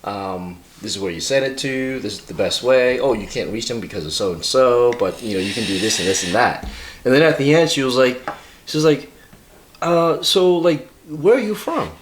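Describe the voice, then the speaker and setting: A man's voice: lowish voice, lively intonation, brisk. Man, boston accent, casual podcast chat, hesitant, lots of fillers. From Massachusetts. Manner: rambling, hesitant storytelling with many fillers. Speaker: podcast co-host.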